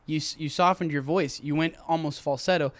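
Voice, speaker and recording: A man's voice: fairly high pitch, fairly even intonation, brisk, no echo. A man who is a musician guest, chatting playfully and coaching the host's singing in an encouraging way. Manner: encouraging, playful, breaks into song. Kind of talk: casual chat and vocal coaching.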